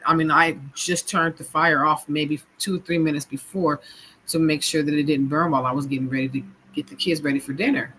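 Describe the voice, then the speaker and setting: A woman recounts her own experience of abuse in a halting personal testimony. Her speech is full of fillers and restarts. Her voice sounds tense and forceful. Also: low-pitched, slight background noise, rough recording. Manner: halting, full of "you know" and "kinda" fillers. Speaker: abuse survivor sharing her story.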